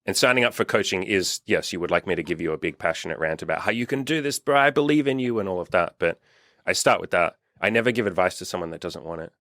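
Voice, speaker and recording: A man's voice: sits low, lively intonation, fast talker, bright, forceful tone, no echo, studio quality. A young man who works as a dating coach, talking bluntly and swearing freely in a casual podcast chat, acting out quotes in a raised voice. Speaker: dating coach and channel host.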